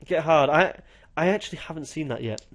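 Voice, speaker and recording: A young British man talking quickly and eagerly, rattling through film chat at a brisk clip. His voice sits a bit high for a man, and he jumps into acting out scenes mid-sentence. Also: lively intonation, a bit bright. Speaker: podcast co-host. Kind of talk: casual chat about films.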